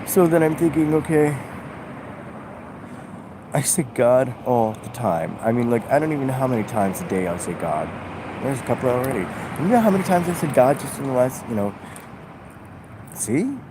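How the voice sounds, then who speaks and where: A man vlogging a halting, musing spiritual monologue, full of fillers. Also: medium pitch, animated. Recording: outdoor traffic noise.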